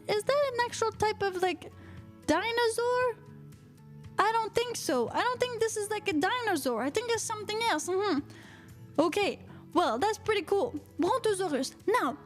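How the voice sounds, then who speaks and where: A French-Canadian woman from Quebec with a Quebec French accent, hosting a live-streamed internet radio chat show in a playful, theatrical way, filling pauses with uh-huh and mm-hmm while reading viewer comments. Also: extremely high pitch, lively intonation, faint music behind. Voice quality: playful, theatrical, lots of uh-huhs and mm-hmms.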